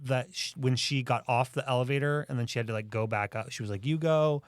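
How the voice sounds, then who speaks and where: Man podcast co-host with a mid-pitched voice and a dry, close sound. Eager, he talks in rushing bursts. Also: dry recording. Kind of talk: casual chat.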